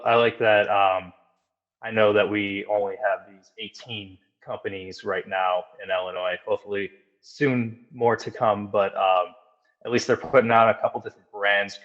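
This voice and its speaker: A man's voice: on the low side, fairly bright tone, dull audio. A man talking as a podcast guest in casual chat, upbeat and agreeable. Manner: upbeat, agreeable, quick to say hell yeah.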